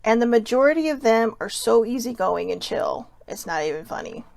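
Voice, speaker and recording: Gravelly-voiced woman chatting casually. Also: fairly high pitch, expressive, fairly quick, a little mellow, dry recording. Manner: chatty, rambling, with laughing whispered asides. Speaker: host. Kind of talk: casual self-help chat.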